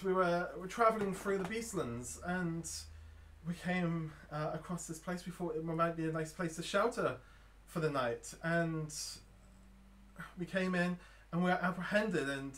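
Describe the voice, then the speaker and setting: A man's voice: sits high, unhurried, a bit bright, distant mic, voice pushed up. A man voicing a trapped woman stranger who tells an evasive, careful story. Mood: guarded.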